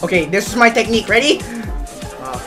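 High-pitched young guy yelling through a game, voice swoops all over, music behind. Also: sing-song, a little fast. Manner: loud, panicky and jokey, shrieking laughs. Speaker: gamer and video host. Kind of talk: excitable gameplay commentary.

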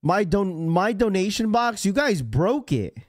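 A man's voice: high-pitched, big pitch swings, a little slow, dry recording, soft background music. A man hosting a live stream, talking casually and rambling to his chat. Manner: rambling, chatty, talks straight to chat. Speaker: livestream host.

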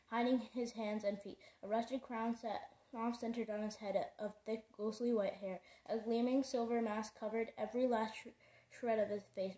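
A woman reading a novel aloud in steady narration, stumbling over words now and then. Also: on the high side. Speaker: reader. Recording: roomy echo.

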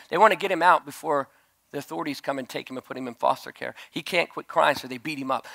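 A man preaching a sermon at a conference, telling a story and rising to loud shouted peaks. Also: mid-range voice, fast talker, creaky. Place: conference stage.

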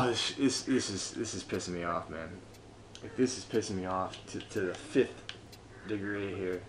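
A man's voice: normal speed, a crowd in the background. A man commentating his own gameplay, frustrated and swearing constantly, talking to himself. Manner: lively pitch, swings between muttering and yelling. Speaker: gameplay streamer.

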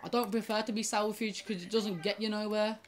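A woman's voice: medium pitch, steady tone, fairly quick, a little hiss or hum. A young woman rambles to her viewers while playing a game, often restarting her sentences and swearing at the game. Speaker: gaming YouTuber. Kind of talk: casual gaming commentary.

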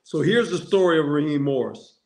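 A man's voice: a little high, expressive, fairly quick, vocal fry, a little mellow. An older man, a former football coach and player, telling anecdotes in a casual chat, acting out quotes and laughing often. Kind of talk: storytelling phone-in chat.

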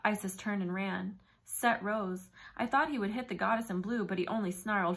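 A woman reading a novel aloud in first person, with brisk, vivid storytelling. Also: mid-range voice, creaky, fairly bright tone. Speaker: audiobook narrator.

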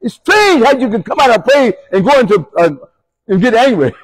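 Husky-voiced preacher in a reverberant church. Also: male voice, very high voice, animated, fairly quick. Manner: folksy storytelling preaching, swinging from hushed to shouted. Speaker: pastor. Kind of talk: sermon. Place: church sanctuary. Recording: long church hall reverb.

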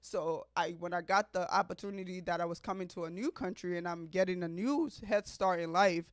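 A woman in her thirties from Africa, hosting a podcast and telling her life story to listeners in an expressive, chatty way, often laughing. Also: lowish voice, a little fast, dry recording, clean studio sound. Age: 30s. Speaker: podcast host. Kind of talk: personal storytelling monologue.

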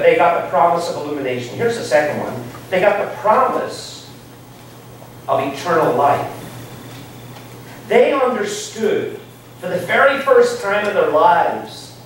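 A man, preaching a sermon with emphatic swings between loud rising lines and quiet low asides. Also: far from the mic, slight background noise. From Ireland. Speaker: pastor. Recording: echoey hall, speaker off-mic.

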